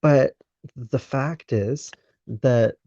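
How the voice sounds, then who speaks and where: A man hosting a podcast interview, talking in a measured, deliberate way with pauses mid-sentence. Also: mid-range voice, mellow, no room sound. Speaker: podcast host. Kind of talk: conversational interview. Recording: dry, dull lo-fi sound.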